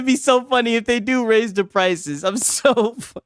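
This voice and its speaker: A man hosting a stream, reacting to clips with loud, laughing, profane mockery. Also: very high-pitched, normal speed, clear, resonant tone, dry recording, studio quality. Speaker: livestream host reacting to clips. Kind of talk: casual reaction commentary.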